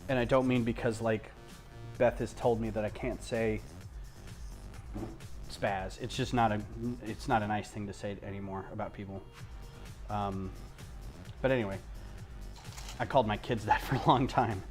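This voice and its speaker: A man's voice: fairly low pitch, steady tone, normal speed, long pauses, music in the background. Rambling man chatting on a livestream. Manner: rambling, drifts onto tangents and loses his thread; frequent ums and restarts. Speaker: livestream host. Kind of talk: casual chat while building. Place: at home.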